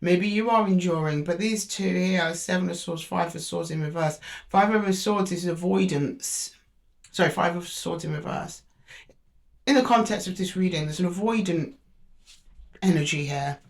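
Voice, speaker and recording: Speaking at a normal pace in a fairly low, gravelly voice, a woman reads tarot to camera, addressing the zodiac sign directly. She thinks aloud and hesitates, often stopping and restarting as she draws cards.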